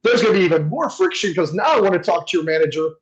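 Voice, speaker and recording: A man co-hosting a casual podcast chat, telling stories in an animated, exasperated way. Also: high-pitched, rapid-fire, highs cut off.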